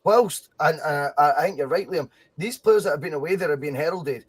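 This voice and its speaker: Animated Scottish man, slightly high voice. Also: brisk, husky. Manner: animated, rambling, swears freely. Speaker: podcast co-host. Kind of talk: casual football chat.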